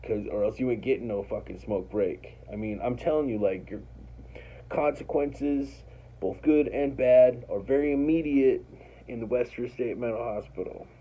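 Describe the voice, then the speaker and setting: A man's voice: medium pitch, moderate pace, dull audio. A man casually telling a personal story, rambling and profane, acting out what others said. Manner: rambling, profane, animated retelling with quoted voices.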